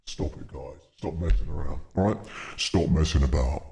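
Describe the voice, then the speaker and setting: A man talking through a pitch effect that drops his voice very deep, sometimes making mock-stern announcements. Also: moderate pace, vocal fry, darkish tone. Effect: pitch-shifted down into a very deep voice.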